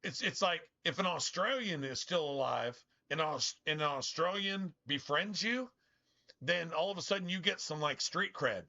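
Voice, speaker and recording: A young gaming streamer chats casually over gameplay, rambling, swearing and stumbling when he restarts his sentences. His voice is fairly high, gravelly and sharp at normal speed, and the stream audio is dull and lo-fi with faint game music.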